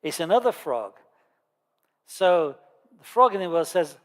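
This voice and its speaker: Male Dharma teacher, conversational, lightly humorous, somewhat high voice; long hall reverb. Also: big pitch swings, a little slow, pauses often. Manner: conversational storyteller with dry humour. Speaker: Buddhist lama teaching a course.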